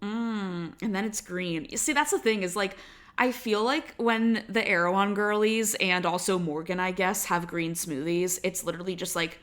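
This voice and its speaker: A woman's voice: medium pitch, normal speed. A young adult woman co-hosting a podcast, telling stories in a chatty, casual way with a lot of "like" fillers. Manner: chatty storytelling, heavy on "like" fillers. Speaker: podcast co-host. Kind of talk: casual chat.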